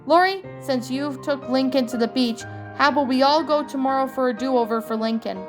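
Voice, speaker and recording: An apologetic middle-aged cartoon mother, spoken by a woman with a higher voice. she is soft and regretful, and faint music plays behind. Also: fairly quick, lightly acted. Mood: sad. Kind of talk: storybook reading.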